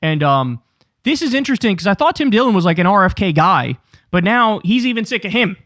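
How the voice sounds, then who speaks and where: A man with a high-pitched voice rants through political commentary, sarcastic and heavy on profanity. The sound is close and dry, with no room around it. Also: very animated, brisk, a bit bright, no room sound. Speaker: political talk show host.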